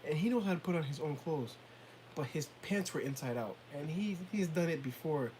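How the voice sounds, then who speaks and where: A man co-hosting a casual talk show, telling relaxed stories about his sons and mimicking them. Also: a little high, fairly quick, slight background noise, low-quality recording. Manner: relaxed storytelling, laughs often, mimics kids and parents. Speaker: podcast co-host. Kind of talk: casual chat.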